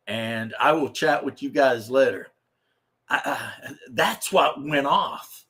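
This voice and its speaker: Streamer host, male, slow drawl, meandering chat full of ums. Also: medium pitch, a bit bright. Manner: slow, rambling, with many fillers and restarts. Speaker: livestream host. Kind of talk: casual livestream chat.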